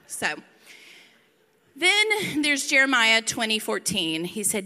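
A woman's voice: on the high side, sing-song, a little slow, sharp tone. A middle-aged woman giving a casual, chatty sermon with playful asides. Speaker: pastor. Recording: reverberant hall.

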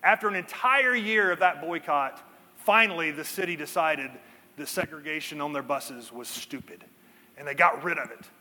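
A pastor preaching a sermon with earnest emphasis and dramatic pauses, slowing down to stress key points. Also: male voice, on the high side, pushed and bright, long reverb tail.

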